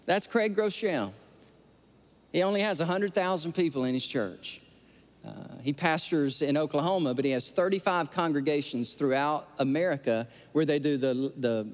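A man's voice: fairly high pitch, moderate pace. A man preaching a sermon, earnestly and emotionally telling stories and repeating his words as he goes. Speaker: pastor. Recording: long hall reverb.

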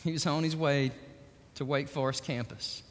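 A man preaching a sermon as pastor, animated and rising to near-shouts. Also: on the high side, normal speed, in a large hall.

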